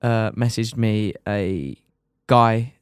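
A young man with a twang tells a racing crash story in a smooth, clear voice. He talks in a lively, casual way, swears freely and keeps calling the listener "mate". The sound is dry and close, with no room echo. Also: fairly low pitch, drawn-out words. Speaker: podcast guest, motorcycle racer.

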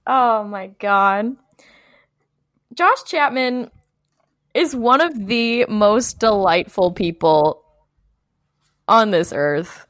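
A woman's voice: a little high, a bit bright, dry recording, studio quality. A woman co-hosting a podcast in casual chat, giggly and gushing. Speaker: podcast co-host.

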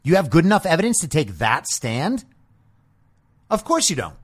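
This podcast host runs a political show, launching into a combative, profane monologue packed with sarcastic rhetorical questions. He speaks at normal speed in a slightly rough, somewhat high voice with huge swings in pitch.

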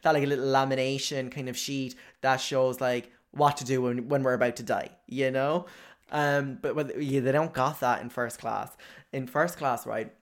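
A man's voice: medium pitch, steady tone, normal speed. A young man telling a stand-up story in a brash, profane, exaggerating way, full of chatty asides. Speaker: stand-up comedian.

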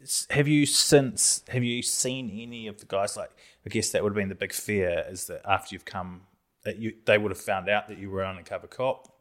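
A man hosting a podcast, asking questions in a relaxed, casual way and wrapping up the show. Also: fairly low pitch, fairly quick. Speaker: podcast host.

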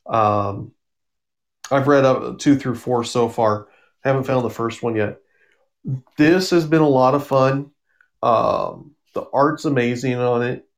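A man's voice: mid-range voice, steady tone, takes it slowly, long pauses. Rambling casual man reviewing comics. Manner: rambling, with frequent ums and self-corrections.

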